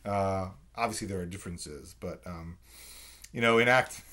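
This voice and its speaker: A man's voice: low voice, normal speed, pushed and bright. A man giving a conversational literature lecture, full of fillers and "right?" check-ins. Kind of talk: recorded lecture.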